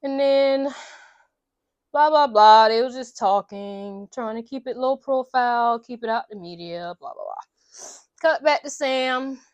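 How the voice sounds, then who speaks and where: Chatty, animated woman recapping a movie. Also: on the high side, unhurried, no room sound, muffled recording. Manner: chatty, animated, slangy, profane. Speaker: vlogger.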